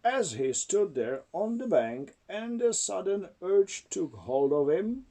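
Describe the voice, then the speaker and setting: A father with Czech as his first language reads a storybook to his child at home. His delivery is slow and lilting, rising and falling through the rhymes, with a mellow, dark tone. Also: high-pitched, big pitch swings. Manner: slow, sing-song storytelling. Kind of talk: reading a storybook aloud.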